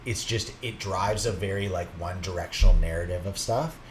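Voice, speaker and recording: A man's voice: low voice, a little fast, noisy background. A young man co-hosting a casual podcast, rambling and acting out imagined quotes with laughter. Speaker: podcast co-host.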